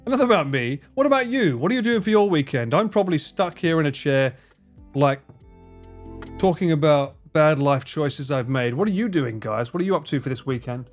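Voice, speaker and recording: A man's voice: fairly high pitch, animated, fairly quick, soft background music. Chatty self-mocking male streamer. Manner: chatty, self-mocking, reads chat aloud. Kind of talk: casual live-stream chat.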